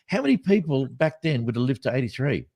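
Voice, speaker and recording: A man's voice: medium pitch, sing-song, fast talker, a little mellow, no room sound. A middle-aged Australian man co-hosting a casual chat, rambling and joking, often breaking into laughter. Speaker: podcast co-host.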